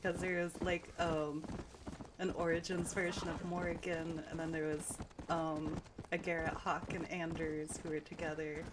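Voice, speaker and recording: A woman streamer talks casually while playing, wandering through anecdotes with plenty of fillers and quick laughs. Her voice sits a little low for a woman. Game sounds and hoofbeats run loudly underneath her. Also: little pitch movement, background noise.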